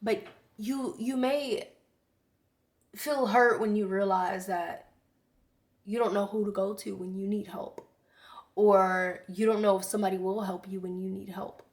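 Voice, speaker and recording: A woman giving a casual spiritual tarot reading, earnest and effusive, chatting with soft whispered asides. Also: mid-range voice, steady tone, a little slow, long pauses. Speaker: tarot reader.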